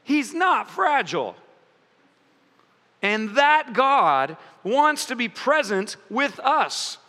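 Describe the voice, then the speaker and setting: A male pastor preaches with a strikingly high, bright and forceful voice. He talks playfully and keeps slipping into little acted voices for the people he quotes. Long reverb from a large hall trails behind his words. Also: sing-song, slow. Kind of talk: sermon.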